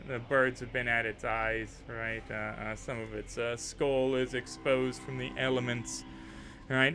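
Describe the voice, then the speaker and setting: A man narrating a tabletop game as game master, relaxed and chatty with frequent fillers. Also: medium pitch.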